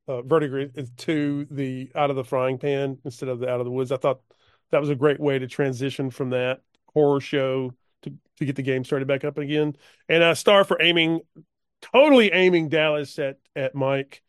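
A man in a casual chat about a game session, talking haltingly with many fillers. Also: fairly high pitch, no room sound, studio quality. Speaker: player.

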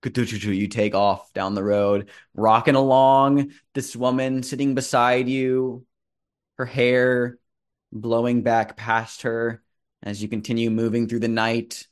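A man narrating a tabletop role-playing game as game master, with slow, descriptive storytelling. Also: medium pitch, flat delivery, clear, resonant tone.

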